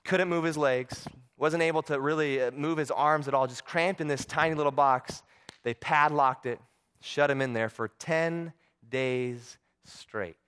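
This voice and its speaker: A man's voice: on the high side, steady tone, normal speed, a bit bright, clear, resonant tone. A male preacher telling a story in a sermon, earnest, often repeating words as he goes.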